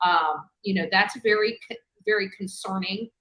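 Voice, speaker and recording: A woman hosting a true-crime video, rambling with halting fillers and restarts. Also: medium pitch, a bit bright, roomy sound, low-quality recording. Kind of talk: rambling livestream commentary.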